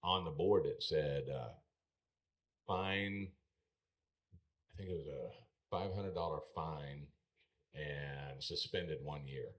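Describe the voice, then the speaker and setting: A man's voice: extremely low pitch, slow pace, long pauses. A middle-aged man, a former rodeo bullfighter, telling stories in a podcast studio and acting out the exchanges he quotes. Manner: animated storyteller, acts out quoted exchanges. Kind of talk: casual storytelling.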